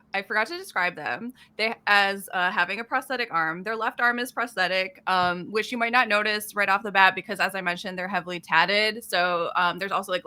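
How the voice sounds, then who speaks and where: Bright-voiced woman player, rambling. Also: medium pitch. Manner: rambling, laughs often, lots of "like". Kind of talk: describing her character's actions.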